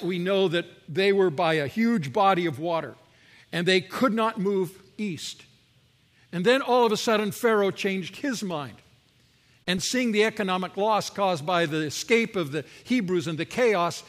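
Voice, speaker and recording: A male pastor preaches a sermon, retelling a story vividly and driving it home with emphatic rhetorical questions. His voice sits high for a man and carries a long reverb through a large church hall. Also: fairly bright tone.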